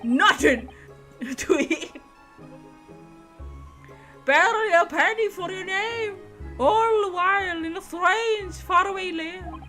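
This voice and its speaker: A woman's voice: very high voice, takes it slowly, long pauses, sharp tone, faint music behind, voice pushed up, heavily acted. Woman doing a rich gent with a shaky Irish lilt. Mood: jovial. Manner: hammy put-on Irish phrasing, giggly. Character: rich, jovial middle-aged gentleman with a forced Irish lilt.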